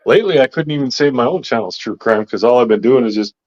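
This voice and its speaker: A man's voice: medium pitch, quick pace, darkish tone. A man hosting a casual livestream chat, laid-back and agreeable, who laughs easily. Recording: dull lo-fi stream audio.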